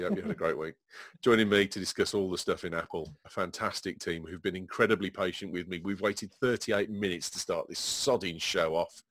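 A man's voice: low-pitched, a bit bright, no room sound, studio quality. Swearing man hosting a video-call show. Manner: swears freely, rambling with fillers. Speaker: podcast host. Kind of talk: casual tech panel chat over video call.

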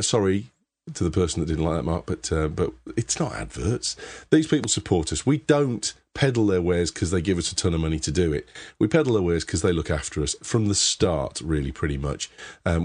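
A man's voice: sits low, darkish tone. A man from England with a Birmingham accent, hosting a casual tech podcast and rambling through sponsor thanks with plenty of restarts. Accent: Birmingham English. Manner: chatty, rambling with many restarts and laughs. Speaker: podcast host.

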